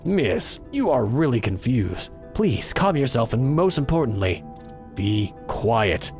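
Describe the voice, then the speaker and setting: A man's voice: mid-range voice, very animated, slow pace, darkish tone, soft background music. A man voicing a stern, fussy male librarian who keeps scolding people for noise in a game. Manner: scolding, insistent.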